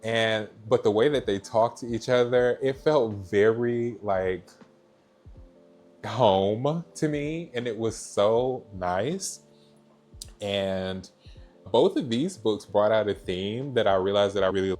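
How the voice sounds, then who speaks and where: A young man from Georgia in the US gives a casual, chatty book review. His voice sits fairly low and he gushes over what he likes. Soft music plays faintly behind him. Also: animated, slow pace. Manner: chatty, gushing, repeats "so yeah".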